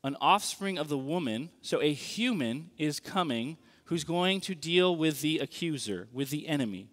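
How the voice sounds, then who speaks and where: Animated high-voiced preacher in a reverberant hall. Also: male voice, normal speed. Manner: animated, conversational preaching with rhetorical questions. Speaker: pastor. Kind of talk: sermon.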